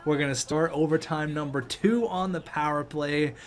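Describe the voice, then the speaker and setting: A young man commentating his own video game match, joking and shouting when play gets tense. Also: fairly high pitch, moderate pace, slight background noise. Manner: excitable, jokey, shouts at big plays. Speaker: gaming YouTuber.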